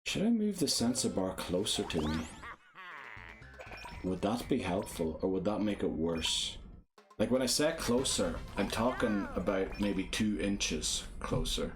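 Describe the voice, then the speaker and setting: Low-voiced man chatting over gameplay. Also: very animated, measured pace. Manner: chatty, self-deprecating, thinking aloud to viewers. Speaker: streamer playing a motion-control game. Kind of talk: casual live gameplay commentary. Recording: game music playing behind the voice. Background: game music.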